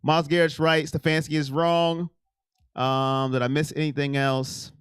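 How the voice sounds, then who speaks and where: A man's voice: medium pitch, clean tone, dry recording, clean studio sound. A middle-aged man hosting a casual sports live stream, chatting and reading viewer comments aloud. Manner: animated, reads chat aloud and reacts.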